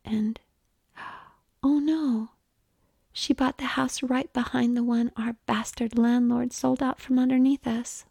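A laid-back young man, thrown off balance and sputtering, in whispered role-play, as a woman narrator puts him on. The hush is slow, mellow and gravelly. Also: fairly high pitch, fairly even intonation, dry recording, exaggerated voice. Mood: bewildered. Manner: flustered, sputtering.

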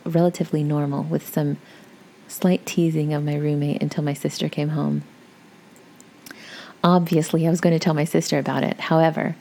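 A woman with a deep, creaky, dark-toned voice reads a story aloud. She keeps it chatty and conversational, tossing in casual asides to her listeners.

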